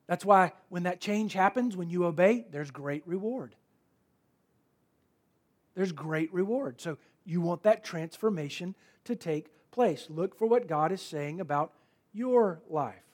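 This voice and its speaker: Casting: male pastor, high-pitched voice, conversational emphatic sermon delivery. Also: a little slow. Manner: conversational, emphatic preaching with repeated key words.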